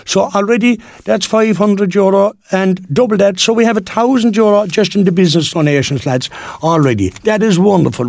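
A man's voice: high-pitched, vocal fry, darkish tone, dry recording. An Irish man presenting local radio, reading out listener texts in a chatty, rambling, homely way at a studio mic. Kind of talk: local radio shout-outs.

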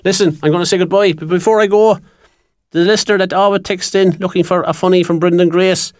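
A man's voice: sits high, steady tone, fast talker, dry recording, studio quality. A man with an Irish accent presenting on local radio, reading out notices in a chatty, rambling way that loses its thread at times. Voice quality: chatty, rambling, loses his train of thought. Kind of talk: casual radio announcements and sign-off. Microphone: studio microphone.

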